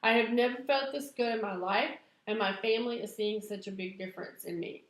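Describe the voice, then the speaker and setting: A woman, chatting excitedly to camera in a vlog and laughing at herself. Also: fairly high pitch, fairly quick. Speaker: vlogger. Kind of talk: casual chat to camera. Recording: echoey room.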